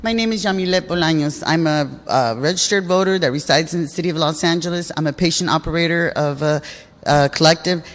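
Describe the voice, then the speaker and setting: A woman giving an emotional public comment at a city meeting, upset and repeating herself. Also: deep voice. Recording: echoey council chamber.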